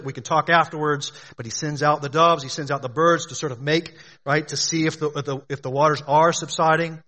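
Bright-voiced male preacher. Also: fairly high pitch. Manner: emphatic, asks the congregation questions. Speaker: pastor. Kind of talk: sermon.

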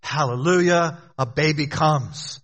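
A man pastor preaching an earnest, exhorting sermon, often dropping low and quiet for emphasis. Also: unhurried.

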